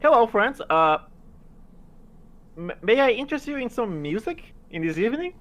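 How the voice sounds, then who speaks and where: A man's voice: extremely high pitch, very animated, moderate pace, fairly bright tone. A man playing a bard in a tabletop game, hesitant and stammering, with a joking manner. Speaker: player.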